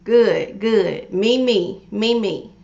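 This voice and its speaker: A woman talking casually on a livestream, an animated life coach who repeats phrases and calls on her viewers directly. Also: mid-range voice, extremely slow, vocal fry. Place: home room she calls her pink cave. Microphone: livestream setup. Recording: slightly dull livestream audio.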